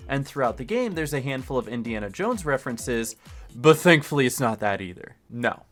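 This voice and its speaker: A man giving scripted video game retrospective commentary in a sarcastic, jokey way, breaking into loud exclamations. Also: medium pitch, very animated, brisk, soft background music. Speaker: gaming YouTuber.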